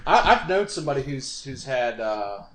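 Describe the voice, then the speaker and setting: A young man co-hosting a podcast, talking in a halting, rambling, self-deprecating way. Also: mid-range voice, big pitch swings, a little hiss or hum. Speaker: podcast co-host. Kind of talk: casual chat.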